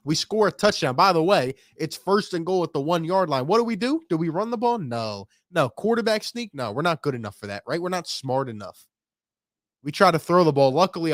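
Studio-quality and dry, this clip catches a young sports-fan streamer fuming over his team's defeat. In a slightly high voice, he rants through post-game commentary, peppering his stream chat with rhetorical questions.

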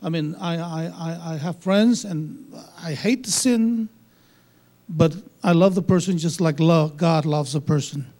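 A man speaking as a pastor, earnest and halting, often restarting his phrases. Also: fairly high pitch, a little mellow. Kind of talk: casual sermon-like talk.

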